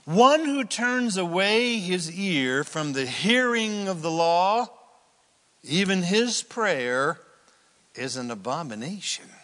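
A man preaching a sermon, telling the story with lively acted-out voices. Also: high-pitched, takes it slowly, big-room sound. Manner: animated storytelling, acts out quoted characters. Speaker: pastor.

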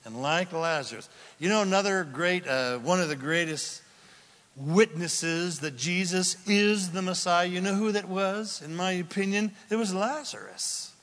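Male pastor, high bright voice, animated storyteller, sermon, echoing hall. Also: measured pace.

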